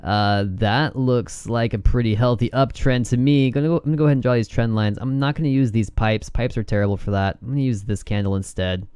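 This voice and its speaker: Excitable trading vlogger, male, mid pitch, smooth voice, dry close mic. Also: fairly quick, hardly any pauses, dry recording. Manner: excitable, laughs and whoops, giddy. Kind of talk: casual chart commentary.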